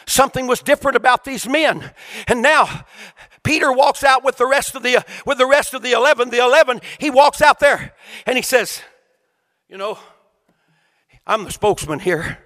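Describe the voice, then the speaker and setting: A male preacher with a high, ringing voice delivers his sermon in a rolling, sing-song cadence. He climbs to shouted peaks, then sinks to near-whispered lines. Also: a little fast, in a large hall. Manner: swings from shouted peaks to hushed quiet delivery.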